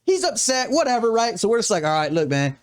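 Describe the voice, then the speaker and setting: A man's voice: extremely high pitch, very animated, fast, smooth, dry recording, studio quality. A man telling a story in casual podcast chat. He swears a lot and acts out what other people said. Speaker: tattoo artist host telling a story.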